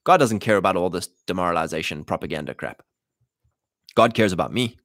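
A man's voice: deep voice, animated, brisk, fairly bright tone, dry recording, clean studio sound. A man hosting a casual, preaching talk to other men, blunt and exhorting, retelling old stories in everyday slang. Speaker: podcast host addressing men.

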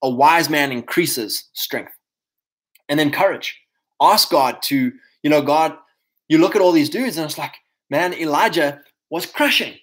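A man hosting a casual livestream, talking to his viewers in an energetic, preachy way. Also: a little high, measured pace, poor audio. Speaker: host.

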